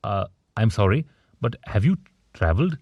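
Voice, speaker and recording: A man's voice: fairly low pitch, big pitch swings, moderate pace, breathy edge, no room sound, highs cut off, heavily acted. A man voicing a polite, eager young job seeker. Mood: earnest. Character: eager young male new hire. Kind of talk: audiobook character voice.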